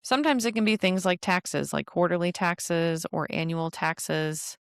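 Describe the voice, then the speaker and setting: A woman's voice: on the low side, unhurried, vocal fry, clean tone, dry recording, studio quality. A woman hosting a solo podcast, giving casual business advice in a chatty way with frequent laughs and playful asides. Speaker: podcast host and travel advisor.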